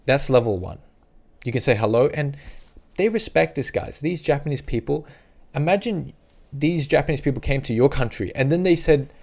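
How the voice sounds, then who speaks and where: A man casually giving travel advice to the camera, chatty and repetitive, now and then acting out little scenes in a higher voice. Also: expressive, a little fast, vocal fry, a little mellow. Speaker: travel vlogger.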